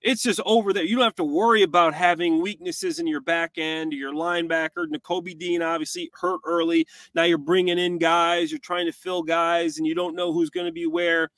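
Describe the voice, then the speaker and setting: A man with a fairly high voice co-hosts a football breakdown, casual and animated. His voice is recorded close and dry, with no room sound, and he breaks into quick voices to act out plays. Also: no echo. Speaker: co-host, former tight end.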